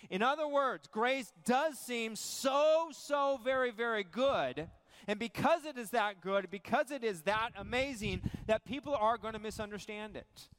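A pastor preaching a sermon, emphatic and animated, piling up repetitions and rhetorical questions to a church congregation. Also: male voice, very high voice, measured pace, smooth. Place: church sanctuary. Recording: long hall reverb.

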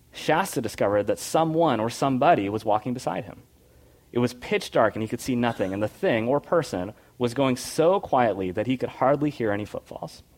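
A man reading a storybook passage aloud and then drawing a devotional lesson from it, soft-spoken and earnest. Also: mid-range voice.

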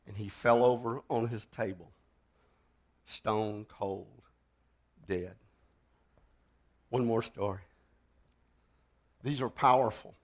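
A man preaching a sermon, telling stories dramatically and swinging from loud to hushed. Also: on the low side, fairly even intonation, slow, pauses often. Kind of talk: sermon storytelling.

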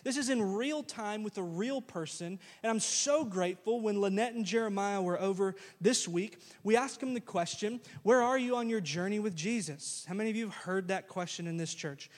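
A man with a high, light voice delivers a sermon in a big hall with a long ringing reverb. He tells the story with animated, slangy asides and acts out the characters as he goes. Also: normal speed, few pauses. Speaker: pastor.

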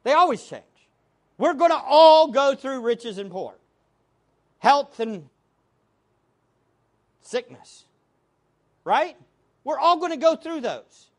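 Woman preaching, high voice that swings all over, asks questions then answers them herself. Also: expressive, slow pace, long pauses, darkish tone. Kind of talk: sermon.

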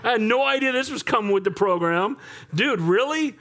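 A man's voice: lively intonation, fairly bright tone, heavily acted. A man voicing a frantic young male servant who panics and pleads. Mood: panicked. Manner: high, rushed, pleading.

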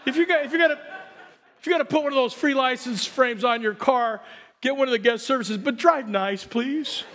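Older male pastor, very high-pitched, excitable, joking sermon delivery. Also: brisk.

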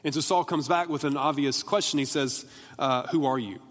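A man's voice: fairly high pitch, moderate pace, soft background music. A young man preaching a casual, conversational sermon in a church, often restarting his sentences and acting out the voices of the people in his stories. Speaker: pastor. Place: church worship hall. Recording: long hall reverb.

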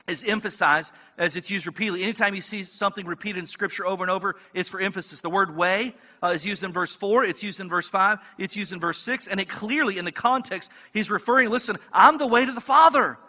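A man preaching a sermon as pastor, emphatic, often breaking in with "listen" and building to strong peaks. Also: high-pitched. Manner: emphatic, repeats "listen", rising to forceful peaks. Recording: hall reverb.

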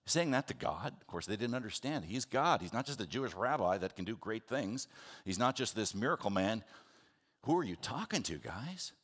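A man preaching a sermon, earnest and animated, acting out the people in his stories. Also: fairly low pitch, fairly quick. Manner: earnest, animated, acts out the disciples in quotes. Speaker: pastor.

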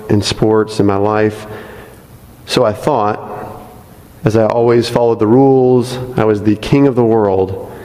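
Brief: man with a lowish voice reads a testimony to a congregation, earnest with wry asides, church-hall echo. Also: mellow. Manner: earnest reading broken by light asides. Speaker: church member reading a testimony. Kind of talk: reading a testimony aloud to a congregation. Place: church sanctuary. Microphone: microphone.

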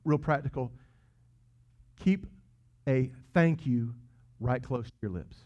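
A man preaching a sermon, earnest and emphatic, swinging between loud peaks and hushed asides. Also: mid-range voice, slow pace. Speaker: pastor. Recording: dull lo-fi sound.

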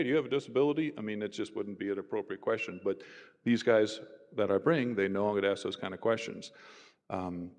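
A man, a university professor, telling stories in an animated conversational way and voicing the people in them. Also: lowish voice. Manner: animated, voices others in his stories. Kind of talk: conversational storytelling. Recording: roomy with long reverb.

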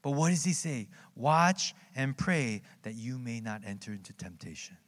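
A man in his thirties preaching a sermon as pastor, telling stories in a conversational way, with big swings in pitch and frequent tag questions. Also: animated, moderate pace. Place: church sanctuary. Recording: long hall reverb.

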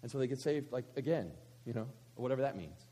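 A pastor preaching a conversational sermon at a church service, asking many rhetorical questions. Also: male voice, medium pitch, animated, fast, dark tone.

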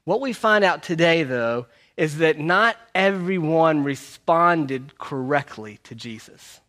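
A man's voice: on the high side, animated, slow pace, pushed and bright. A man preaching a sermon in a conversational way, repeating his key phrases. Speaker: pastor. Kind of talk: sermon teaching through a book.

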